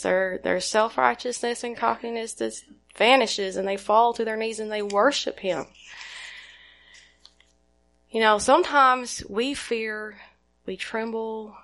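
A woman's voice: on the high side, gravelly, a bit bright. A woman preaching a sermon in an earnest way, putting questions to her listeners and retelling scripture.

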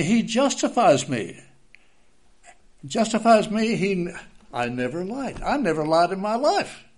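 An older man giving an informal sermon, telling folksy personal stories and repeating key phrases for emphasis. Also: mid-range voice. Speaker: preacher.

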